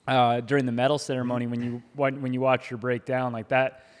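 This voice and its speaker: A middle-aged man co-hosting a podcast in casual chat, animated, laughing often and stumbling over his first words. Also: medium pitch, brisk. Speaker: podcast co-host. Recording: long hall reverb.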